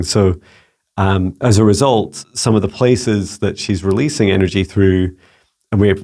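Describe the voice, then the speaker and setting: A Scottish man relaying psychic messages to viewers in a casual solo talk, halting and searching for words as he goes. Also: low voice, vocal fry, darkish tone. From Scotland. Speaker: psychic mentor answering viewer questions. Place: home with a laptop.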